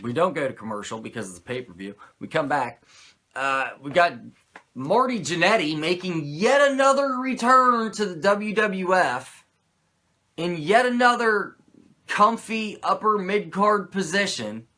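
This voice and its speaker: A man's voice: high voice, expressive, a little slow, sharp tone. A man who hosts a podcast, giving a casual, profane and rambling recap of a wrestling show with many fillers. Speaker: podcast host.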